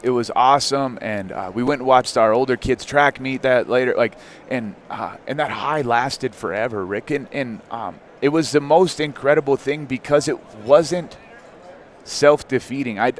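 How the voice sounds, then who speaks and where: A man in his thirties, a podcast guest, telling a personal story in a candid, animated way with frequent fillers. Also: mid-range voice, a little hiss or hum. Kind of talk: casual storytelling.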